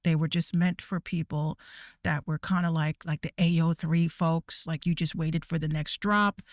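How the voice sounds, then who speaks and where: A woman's voice: low-pitched, fairly even intonation, moderate pace, no echo, clean studio sound. Cussing, rambling woman ranting. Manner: profane, rambling, stammering restarts. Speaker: VTuber ranting to her viewers. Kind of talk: casual rant.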